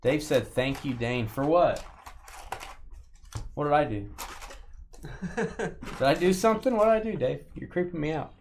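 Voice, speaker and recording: A man's voice: fairly high pitch, moderate pace, long pauses, slight background noise. A man hosting a live card break stream, reading out cards and teasing his viewers and co-host in a joking, rambling way.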